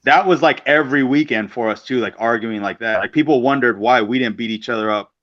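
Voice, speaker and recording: A man's voice: medium pitch, a little fast, a bit bright, a little hiss or hum. Blunt, profane man telling a road story. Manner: profane, blunt, acts out quotes in voices. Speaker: guest wrestler. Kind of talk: casual storytelling on a podcast. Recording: slightly dull lo-fi sound.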